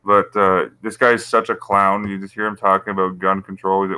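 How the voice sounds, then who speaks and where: A man's voice: sits low, little pitch movement, a little fast, hardly any pauses, pushed and bright, smooth, no room sound, poor audio. A man hosting a casual livestream, rambling through conspiracy commentary with frequent chuckles while reading his chat. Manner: rambling, conspiratorial, laughs at his own points. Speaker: YouTube channel host.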